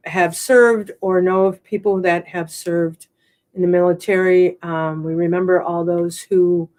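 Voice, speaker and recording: A woman hosting her own show in casual chat, rambling with fillers and wry jokes she quickly apologizes for. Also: on the low side, a little mellow. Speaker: show host.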